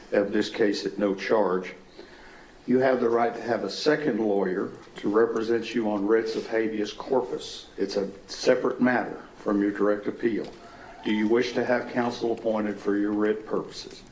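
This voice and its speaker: A man, serving as a judge, reads a formal courtroom sentence in a measured way. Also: on the low side, darkish tone. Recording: echoey courtroom with faint noise.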